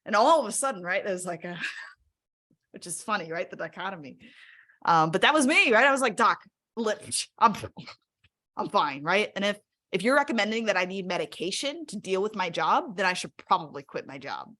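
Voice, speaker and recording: A woman telling her personal story in a webinar, chatty, with many fillers and "right?", and lively when she quotes herself. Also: medium pitch, normal speed. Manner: conversational, fillers like 'like' and 'right?'; animated when quoting herself.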